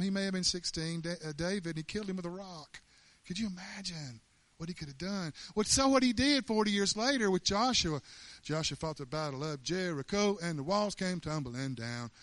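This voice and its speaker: Man, high voice, preacher, animated sermon, emphatic, dry close sound. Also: normal speed, no room sound. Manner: animated, emphatic, laughing often.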